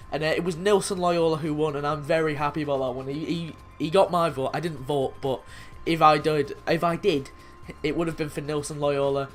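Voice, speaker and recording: A young man in his twenties giving excitable, sweary commentary over his own football video game match. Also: a little high. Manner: excitable, sweary, frequent frustrated outbursts. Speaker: gaming YouTuber. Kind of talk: gameplay commentary.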